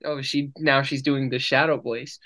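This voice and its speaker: A man co-hosts a casual podcast with his girlfriend, joking and teasing her in playful couple banter. His mid-range voice is sharp in tone, delivered flatly at a moderate pace.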